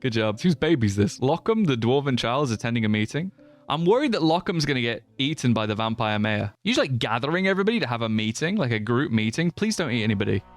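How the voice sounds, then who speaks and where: A man's voice: medium pitch, big pitch swings, quick pace. A man narrating his own game playthrough with dry jokes and the odd curse. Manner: dry joking, swears, shouts in alarm at game events. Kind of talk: wry game narration mixed with live stream reactions.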